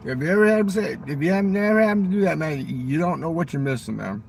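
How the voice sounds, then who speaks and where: A man rambles through crude stories in a loose, profane monologue, his voice sitting a bit higher than most men's. He talks outdoors near a railroad crossing, with faint traffic noise behind him. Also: lively intonation, quick pace, gravelly, darkish tone. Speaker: vlogger.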